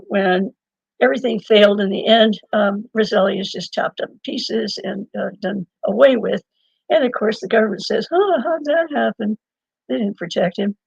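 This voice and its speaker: Gravelly older woman, rambling storyteller. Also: medium pitch, dry recording. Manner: rambling, digressive, laughs often. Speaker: interview guest. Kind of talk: conversational storytelling. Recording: dull lo-fi dry sound.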